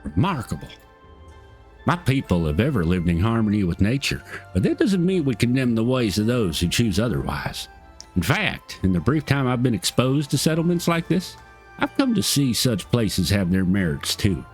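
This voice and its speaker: A man's voice: medium pitch, big pitch swings, moderate pace, faint music behind, lightly acted. A man voicing an earnest young woman on a thief hunt, in a put-on Southern US twang with formal, old-fashioned phrasing, reading game dialogue aloud. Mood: resolute.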